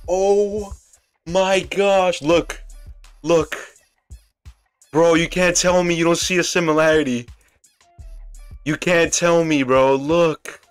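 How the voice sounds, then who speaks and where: Excitable young man streaming with slang. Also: on the high side, slow, pauses often, clean tone, faint music behind. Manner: excitable, slangy, laughs often. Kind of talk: casual reaction stream chat.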